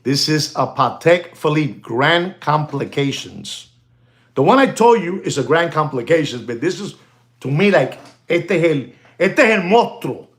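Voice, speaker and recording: Guy, hyping watches on a live stream, super animated, keeps dropping words. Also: on the high side, measured pace. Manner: animated, mixes Spanish exclamations into English, thanks viewers by name.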